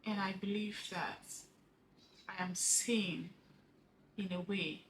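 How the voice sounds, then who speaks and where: A grieving widow talking earnestly to camera in a personal vlog, halting and repeating words, her voice dropping soft at the ends of phrases. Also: medium pitch, steady tone, slight background noise, poor audio. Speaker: vlogger sharing a personal story. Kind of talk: heartfelt personal vlog monologue.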